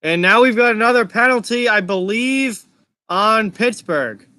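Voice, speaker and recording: A man's voice: high voice, lively intonation, unhurried, bright, forceful tone, no room sound, clean studio sound. A young man from Massachusetts with a mild Massachusetts accent, hosting a live hockey reaction stream and chatting casually while he answers live chat questions.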